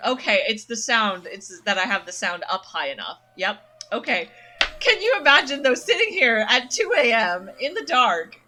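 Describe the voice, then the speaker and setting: A woman's voice: fairly high pitch, bright, forceful tone. A woman streaming a game, chatting casually and thinking aloud from her dim room at night. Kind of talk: casual let's-play commentary.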